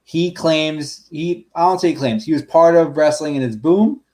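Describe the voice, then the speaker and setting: A man's voice: on the high side, moderate pace, a little mellow. A man on a podcast ranting bluntly, swearing often in casual chat.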